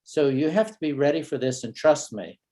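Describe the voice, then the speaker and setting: A family therapist with a fairly high voice gives a parenting training talk in a relaxed storytelling style. He role-plays short exchanges and pauses to build suspense.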